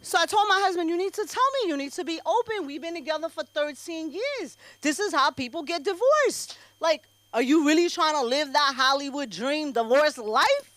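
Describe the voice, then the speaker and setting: A woman doing a stand-up set at an open mic, brash and sassy, swinging between loud punchlines and low asides. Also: expressive, normal speed, hardly any pauses. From Bangladesh. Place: comedy club stage.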